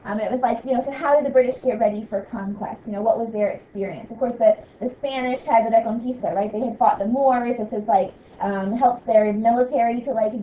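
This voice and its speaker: A woman teaching a history class in a loose, conversational way, full of ums and likes. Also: medium pitch. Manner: casual, many fillers like um and like. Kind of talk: recorded classroom lecture. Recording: distant, roomy, dull lo-fi with faint hiss.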